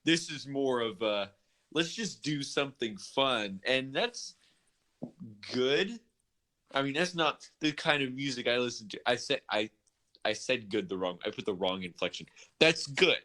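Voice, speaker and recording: A man co-hosting a casual music podcast, chatty and animated, often restarting and correcting himself. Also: medium pitch, normal speed. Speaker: podcast co-host.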